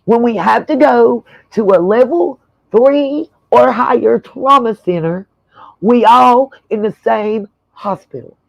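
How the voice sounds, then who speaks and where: A woman running her own channel delivers blunt, profane livestream commentary, clearly annoyed and fed up. Her voice is a little high and gravelly, and she talks slowly. The audio has no room sound and comes across dull, dry and lo-fi.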